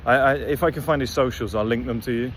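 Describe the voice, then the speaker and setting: A man's voice: mid-range voice, quick pace, slight background noise. A man giving a blunt, rambling, profane motivational monologue to camera as host of his own channel. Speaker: motivational vlogger.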